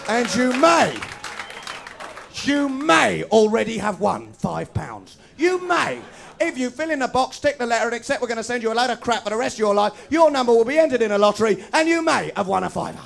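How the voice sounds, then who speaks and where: High-pitched ranting comedian. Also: male voice, gravelly. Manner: fast, ranting, sarcastic with sudden shouts. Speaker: stand-up comedian. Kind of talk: live stand-up routine. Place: students' union bar with live audience.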